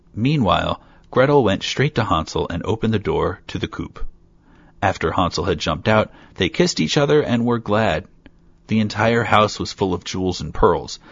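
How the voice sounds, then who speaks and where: A man's voice: lowish voice, breathy edge, dry recording. A man steadily reading a fairy tale aloud as a storyteller. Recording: dull lo-fi recording.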